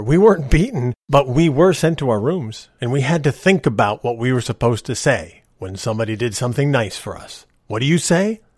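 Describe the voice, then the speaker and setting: A man's voice: medium pitch, a little mellow, breathy edge, no echo. Folksy male podcaster, dry sound. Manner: folksy, opinionated, ranting. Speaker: podcast host. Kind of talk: personal storytelling monologue.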